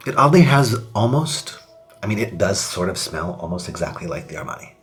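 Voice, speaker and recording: A young man talks his way through a makeup test in a casual, upbeat ramble, his voice sitting a little low. He sometimes drops to a whisper as he works. Faint music plays behind him in a home recording. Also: big pitch swings, fairly quick. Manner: chatty, upbeat, drops to whispers while applying. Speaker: beauty vlogger. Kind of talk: casual makeup tutorial chat.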